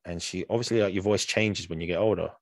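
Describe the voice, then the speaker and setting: A young man with a very low voice chats on a podcast. He rambles and restarts often, filling gaps with ums. The sound is dry and close. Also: steady tone, fast talker, no room sound. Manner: rambling, many fillers and restarts. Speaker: podcast co-host. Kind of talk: casual chat.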